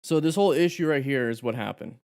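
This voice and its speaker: Male riding instructor on a live stream, energetic, short of breath. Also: medium pitch, fast, background noise. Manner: energetic, talks to viewers directly.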